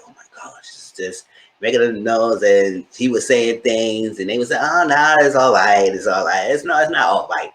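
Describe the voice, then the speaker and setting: A man giving a casual, opinionated recap of a reality TV episode, acting out what the cast said in quick high voices. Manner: chatty, opinionated, acts out quotes in high voices. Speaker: TV show reviewer. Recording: echoey room.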